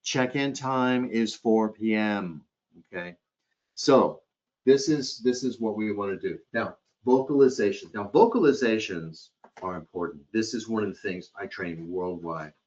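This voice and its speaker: Low-voiced man giving a hospitality training webcast. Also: moderate pace, darkish tone. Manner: demonstrates phrasings by acting out tones of voice. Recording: dull lo-fi webcast audio.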